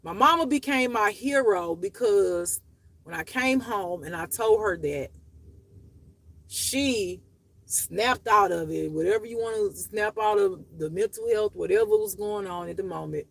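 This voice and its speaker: A woman's voice: medium pitch, measured pace, vocal fry, dry recording. Blunt, profane woman confiding to viewers. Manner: blunt, profane and emotional, talking in bursts; raw and confessional, voice rising and dropping. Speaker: channel host. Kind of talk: unscripted personal monologue to viewers.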